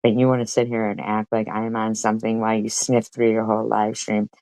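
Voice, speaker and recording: A woman's voice: rumbling low, darkish tone, no echo, rough recording. A woman live streamer arguing in a profane, confrontational and mocking way. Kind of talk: heated live-stream commentary.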